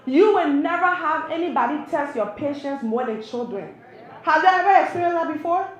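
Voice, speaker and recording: A woman doing a stand-up comedy set in a live cafe, animated and talking straight to the crowd. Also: high voice. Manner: animated, talks to the crowd, playful teasing. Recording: roomy live venue sound.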